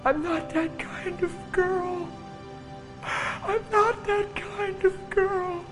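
A preacher voicing a distraught middle-aged woman in a retold story, high-pitched and crying. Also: fairly even intonation, extremely slow, music in the background, full character voice, rough recording. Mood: pleading. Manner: high, breathy, sobbing.

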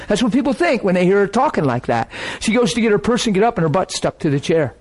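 A man preaching with animated storytelling, acting out the voices of people in his stories. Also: sits high, brisk, few pauses. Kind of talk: sermon storytelling.

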